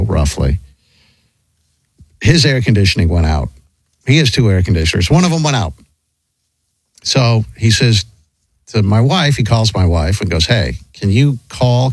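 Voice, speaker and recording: Animated, rambling man telling a story. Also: lowish voice, slightly rough, no room sound. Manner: rambling, animated, lots of restarts and acted quotes. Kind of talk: casual storytelling chat.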